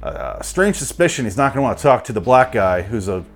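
A man's voice: medium pitch, big pitch swings, fast talker. A man giving a crude, exasperated comedic rant about a movie, mocking it as he goes. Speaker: movie reviewer.

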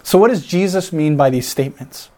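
A pastor preaching a sermon in an earnest, reflective way, building emphasis by repeating phrases. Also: male voice, on the high side, brisk, a little mellow. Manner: reflective, imagines himself in the scene.

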